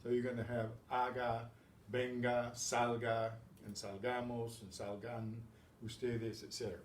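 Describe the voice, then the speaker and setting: A man teaching a Spanish grammar lesson, explaining step by step and clearing his throat often. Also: mid-range voice, level tone, a little slow, distant mic. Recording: echoey room with faint background hum.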